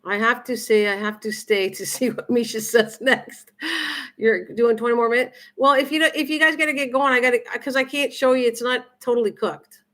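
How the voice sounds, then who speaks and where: A woman's voice: fairly high pitch, fairly even intonation, a little fast, fairly bright tone. An older woman hosting a casual cooking livestream from her home kitchen, chatting and answering viewer comments in a rambling, friendly way. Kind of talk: casual live-stream chat, reading comments aloud.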